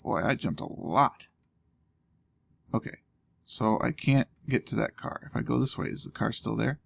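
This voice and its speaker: A man with a gravelly, creaky voice talks through a video game in a loose, casual way. He thinks out loud and throws in dry little jokes as he goes. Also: medium pitch, normal speed. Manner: thinking aloud, wry asides. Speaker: let's play host. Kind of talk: casual gameplay commentary.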